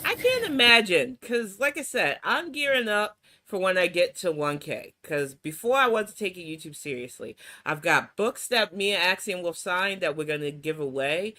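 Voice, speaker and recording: A woman's voice: fairly low pitch, animated, moderate pace, hardly any pauses, bright, forceful tone. A woman from New York hosting a reaction show, giving blunt, mocking commentary on video clips. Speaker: commentary host.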